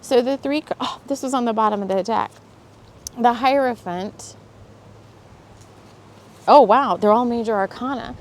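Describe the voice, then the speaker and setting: A woman's voice: on the high side, a little slow, long pauses, slight background noise. A woman hosting a casual spiritual talk and tarot reading, rambling and chatty with frequent laughs and fillers. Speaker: spiritual host and tarot reader.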